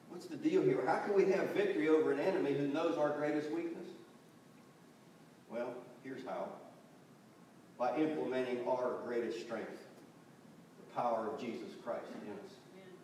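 Man preaching in an echoey church. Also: mid-range voice. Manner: animated storytelling, acting out quoted voices. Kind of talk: sermon. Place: church sanctuary. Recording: distant, very echoey church recording with faint noise.

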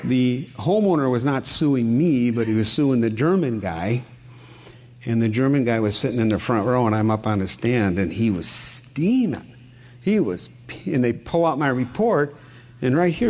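A man's voice: medium pitch, big pitch swings, unhurried, a little mellow. Brief: middle-aged man, home inspector presenting a seminar, folksy storyteller, asks the room questions. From Wisconsin. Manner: folksy, asks the audience questions, tells anecdotes. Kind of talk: conversational seminar talk.

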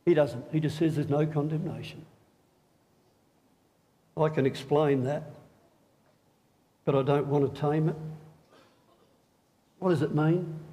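A man's voice: a little high, takes it slowly, pauses often. A middle-aged man preaching an Easter sermon in a church, joking and drawing the congregation in. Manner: animated, joking, talks with the congregation. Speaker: pastor.

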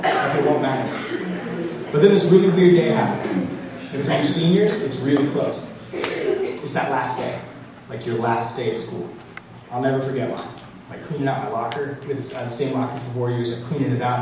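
Young male speaker, school assembly talk, heard from a distance with a booming hall echo. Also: fairly quick. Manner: animated storytelling, frequent "like" fillers. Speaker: motivational speaker. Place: large school gym or auditorium. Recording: very echoey hall, distant, noisy.

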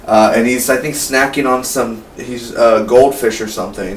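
An eighteen-year-old man giving a casual, rambling spoiler review of a film. He gets excited and keeps tossing in "man" and "like". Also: mid-range voice, normal speed, hardly any pauses. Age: late teens. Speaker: movie reviewer. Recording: echoey room, mic at a distance, faint hum.

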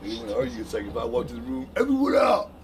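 A man in casual chat retelling a story in an animated, slangy way with lots of fillers. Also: mid-range voice, rapid-fire, slight background noise, rough recording.

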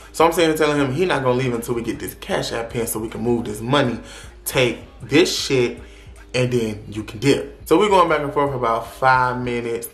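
A young man telling a dramatic storytime vlog in a profane, animated way. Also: mid-range voice, moderate pace, soft background music. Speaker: vlogger. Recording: roomy echo.

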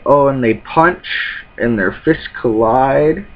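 A man's voice: mid-range voice, slow pace, hardly any pauses. A man in a casual live reaction, reading comic panels aloud with muttered asides, on a dull lo-fi recording. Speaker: YouTuber reacting to a manga.

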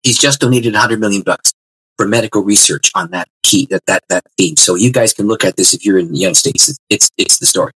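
A man, a guest author, telling his faith testimony in an interview with animated delivery and frequent restarts. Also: fairly low pitch, fast talker, breathy edge, no room sound, rough recording. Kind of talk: interview storytelling.

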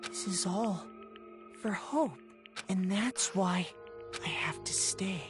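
A man voicing a faint, dreamlike inner voice in a video game, hushed and drawn out. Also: sits high, slow pace. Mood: dreamy. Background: game music.

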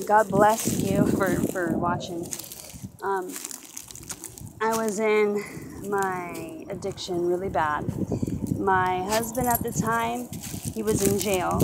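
Slow, earnest woman sharing her testimony. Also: medium pitch, very noisy. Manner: earnest, halting, frequent "you know". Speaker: testimony speaker. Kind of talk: personal faith testimony.

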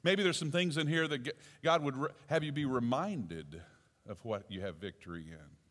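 Male pastor preaching in a reverberant sanctuary, lively delivery, soft asides and loud outbursts. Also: mid-range voice, normal speed. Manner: animated preaching, swinging from soft asides to shouted exclamations. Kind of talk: sermon. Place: church sanctuary. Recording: long church reverb.

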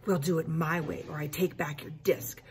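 A woman voicing a stern, scheming babysitter who speaks in a cool, low, threatening way. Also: fairly even intonation, moderate pace, darkish tone.

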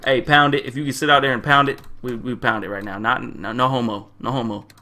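Young male gamer, mid-pitched and bright, crude trash-talking commentary. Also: fairly even intonation, a little fast. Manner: loud, crude trash talk at game characters; slangy, repeats himself. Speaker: gamer playing a game. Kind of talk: profane casual gameplay commentary.

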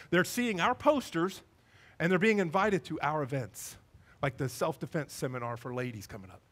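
A man, a pastor preaching a sermon in a church and acting out the people in his stories. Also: fairly high pitch. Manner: animated storytelling, acting out voices. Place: church sanctuary.

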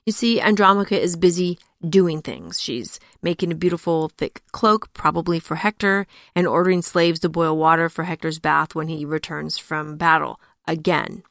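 A woman podcast host narrating a retold myth and reflecting on it in a measured way. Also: sits low, creaky, fairly bright tone, dry recording, studio quality. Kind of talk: storytelling narration with commentary.

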